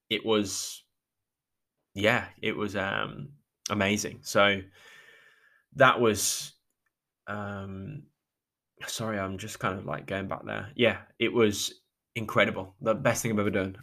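Emotional man, halting and low-pitched. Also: fairly bright tone. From England. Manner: halting, with many restarts and trailing pauses. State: emotional, close to tears. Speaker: podcast host. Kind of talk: reflective personal monologue.

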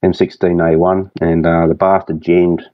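Deep-voiced Australian man, rambling. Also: flat delivery, no echo, lo-fi sound. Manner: rambling, halting, full of restarts and fillers. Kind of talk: casual chat.

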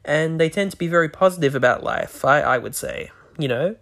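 In this solo podcast monologue, the host rambles into the microphone with many restarts and some slightly slurred words. The mid-range voice is expressive, gravelly, a bit bright, and fairly quick.

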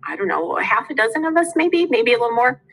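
A woman's voice: fairly high pitch, sing-song, quick pace, creaky, fairly bright tone, slightly rough, rough recording. A middle-aged woman teacher, telling stories from her classes in casual conversation. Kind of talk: casual chat.

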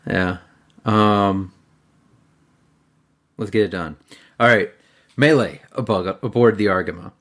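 Low-voiced, rambling podcast host. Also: male voice, slow pace, pauses often, fairly bright tone. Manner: rambling, self-deprecating, many fillers. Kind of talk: casual podcast chat.

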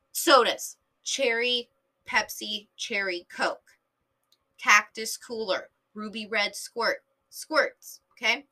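A woman from San Diego in her thirties, hosting a podcast in a rambling casual monologue, full of fillers, swearing and sudden tangents. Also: a little high. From San Diego, Southern California. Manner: animated, filler-heavy, swears freely, jumps between tangents. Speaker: podcast host.

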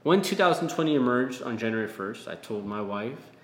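A man's voice: mid-range voice, lively intonation, a little fast, echoey room. A man talking straight to camera in a frustrated, ranting monologue, often repeating words and swearing. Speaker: vlogger.

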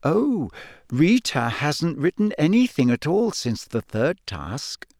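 A man voicing a clever, earnest teenage schoolgirl witch in an audiobook, talking in an eager, brisk, know-it-all way. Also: on the high side, animated, dry recording, studio quality, voice pushed up, natural voice. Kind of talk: audiobook character voice.

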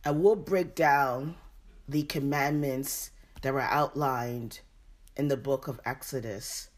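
A woman leading a Bible study, reading verses aloud and then repeating and explaining them. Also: a bass voice. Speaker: Bible teacher.

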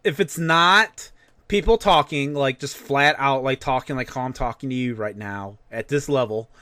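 A man's voice: mid-range voice, moderate pace, bright, forceful tone, dry recording. A man co-hosting a podcast, ranting casually and swearing freely. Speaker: podcast co-host. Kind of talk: casual rant.

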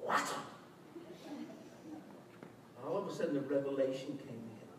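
A man preaching a lively sermon as a pastor, acting out quotes with shouts and laughter. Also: medium pitch, fast. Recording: echoey hall, distant mic, faint noise.

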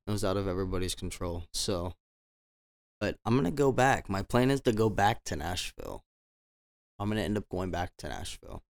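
A man with a somewhat low voice talks through casual stories on his own show. He rambles, circling back with fillers and false starts as he goes. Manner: rambling, many restarts and fillers. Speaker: podcast host. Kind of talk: casual storytelling monologue.

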